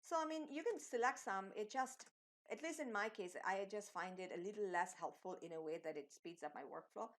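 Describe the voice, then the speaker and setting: A woman's voice: mid-range voice, brisk. A woman teaching web design in a screen-recorded tutorial. She talks through the code step by step, with some fillers as she goes.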